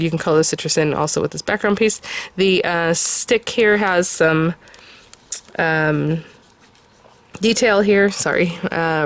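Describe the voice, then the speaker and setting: A woman with a slightly low voice walks through craft supplies in a relaxed, chatty way. She fills her talk with little ums and soft laughs, and she is just getting over a summer cold. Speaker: craft video host. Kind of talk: casual product review.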